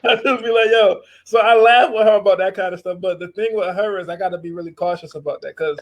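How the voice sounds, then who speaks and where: A man's voice: sits high, fast. A father speaking in a casual group chat, weighing his words hesitantly and leaning on fillers. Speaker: father of a young daughter.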